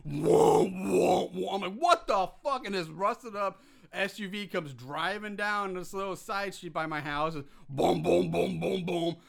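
A young man hosting a podcast, chatting casually and breaking into profane, worked-up rants. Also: sits high. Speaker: podcast host.

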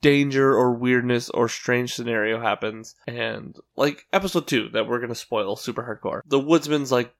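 Male podcast co-host, mid-pitched, rambling and animated, casual recap. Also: gravelly. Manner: rambling, animated retelling with quick put-on quotes. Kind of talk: casual chat recapping a cartoon.

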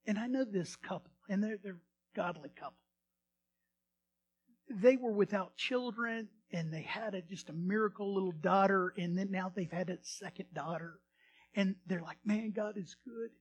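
A male pastor tells a story within his sermon, animated and swinging between loud bursts and hushed retelling. His voice is high-pitched and his pace normal.

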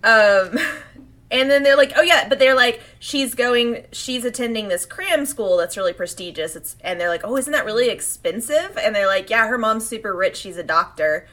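A woman co-hosting a casual podcast chat, animated and laughing often as she acts out quotes. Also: fairly high pitch, normal speed. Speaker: podcast co-host. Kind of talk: casual chat comparing anime versions.

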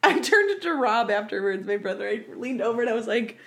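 A woman's voice: on the high side, quick pace, few pauses, a little hiss or hum. A young woman co-hosting a casual chat, telling stories animatedly with lots of "like" and acted-out quotes. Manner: animated storyteller, many "like" fillers, acts out quotes.

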